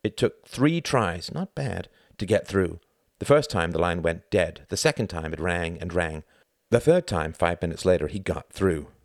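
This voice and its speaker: A deep-voiced man reads a novel aloud, his tone lively and swinging widely. The sound is dry and close to the mic. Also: moderate pace, dry recording. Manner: expressive, animated reading. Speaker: narrator. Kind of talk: audiobook narration.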